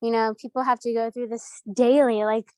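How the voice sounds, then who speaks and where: A woman's voice: on the high side, flat delivery, moderate pace, dark tone, no room sound. A woman from the United States, a voice actress, chatting in an upbeat, effusive way with frequent fillers. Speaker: voice actress guest. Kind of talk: casual interview.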